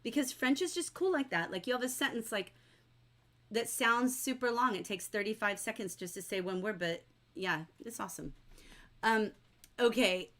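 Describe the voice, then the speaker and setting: A middle-aged woman teaching a livestreamed novel-study class, chatty and animated, reading viewer comments aloud and acting out characters' lines. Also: a little high, moderate pace.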